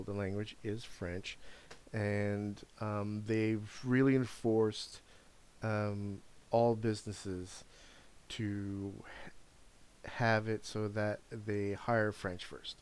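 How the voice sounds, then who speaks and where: A man's voice: on the low side, darkish tone, clean tone. A middle-aged man hosting a live stream, chatting casually in a frank, rambling way and swearing now and then. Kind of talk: casual chat.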